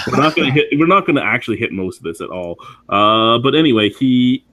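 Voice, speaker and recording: A man's voice: medium pitch, lively intonation, fairly quick, fairly bright tone, dry recording. A man hosting a casual beer podcast, rambling with many fillers. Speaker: podcast host.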